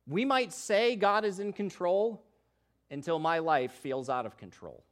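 A man preaching a sermon who moves from hushed, low passages to loud, emphatic ones and voices the doubts of biblical figures. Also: expressive, measured pace. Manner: acts out the voices of doubters in scripture. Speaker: pastor.

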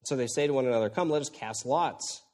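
A man preaching an expository sermon, moving between hushed lines and loud, exclaiming ones. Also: medium pitch, quick pace. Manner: animated, swings from hushed to exclaiming.

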